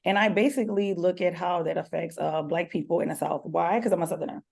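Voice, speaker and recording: Raspy woman with a New Orleans accent. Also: on the low side, quick pace. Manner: playful, lively and joking. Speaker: panelist, economist. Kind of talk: webinar panel introduction. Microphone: video call.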